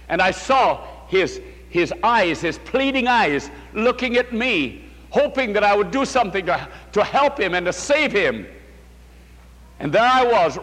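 Animated high-voiced preacher in echoing hall. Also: male voice. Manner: emotional storytelling, addresses listeners as "my friends". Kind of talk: sermon. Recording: long hall reverb.

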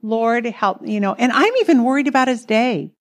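Talking fast in a high, sing-song voice, a middle-aged woman shares a tale from her marriage. She's a co-host, and her storytelling is chatty and casual, with plenty of laughing.

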